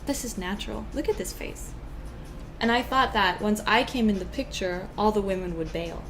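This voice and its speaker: A woman's voice: mid-range voice, moderate pace, fairly bright tone, soft background music. A young woman co-hosting a casual livestream, chatting and reading viewer comments aloud. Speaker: livestream co-host.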